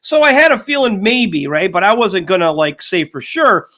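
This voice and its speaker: An older man co-hosting a casual sports talk show, telling an animated story and acting out the dialogue. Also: sits high, moderate pace. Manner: animated, acts out quoted dialogue. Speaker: co-host.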